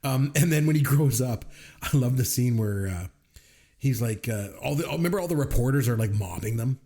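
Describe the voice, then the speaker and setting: Lively, animated man chatting about movies. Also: medium pitch, moderate pace. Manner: animated storyteller, acts out movie lines and laughs often. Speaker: podcast co-host. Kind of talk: casual movie review chat.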